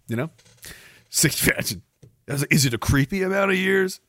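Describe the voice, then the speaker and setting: A man's voice: a little high, animated, moderate pace, vocal fry, a bit bright. A man hosting a livestream podcast, ranting sarcastically with a lot of swearing and frequent laughs. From Canada. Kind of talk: profane ranting chat with viewers.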